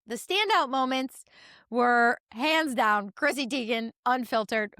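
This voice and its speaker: A woman's voice: fairly high pitch, a little slow, bright, forceful tone, dry recording, clean studio sound. A young woman in a casual opinion vlog, chatty and candid, with her talk peppered with "like". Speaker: YouTube commentator.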